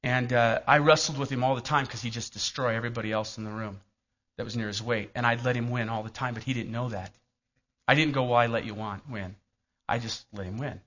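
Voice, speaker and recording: A man's voice: mid-range voice, fairly even intonation, fast, fairly bright tone. A middle-aged male pastor preaching a sermon in a church, telling stories and asking the congregation questions. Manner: storytelling, asks the congregation questions. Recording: dull lo-fi recording.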